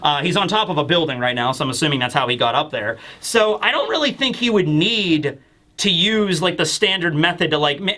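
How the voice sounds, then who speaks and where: A man rambles through a comic chapter review in a bright, high voice. He speculates loosely with lots of fillers and slips into character voices. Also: expressive, fairly quick. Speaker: manga reviewer.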